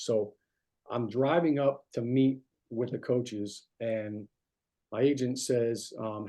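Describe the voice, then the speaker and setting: Slow and mellow, with a medium pitch and fairly even intonation, a middle-aged New Jersey man shares anecdotes as a guest speaker. The storytelling is conversational, with many fillers and restarts.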